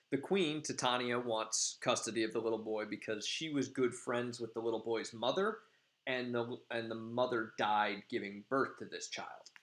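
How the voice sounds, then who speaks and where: A man's voice: medium pitch, a bit bright. A male teacher giving a casual, rambling class lecture, full of filler ums. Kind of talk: classroom lecture summarizing a play.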